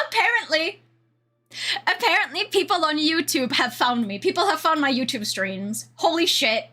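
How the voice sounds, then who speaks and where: A young woman with a Swedish accent talks to her stream chat in a high, bright voice that leaps around a lot. She rambles casually and breaks into giggles often. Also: lively intonation, normal speed. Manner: giggly, rambling, frequent laughter.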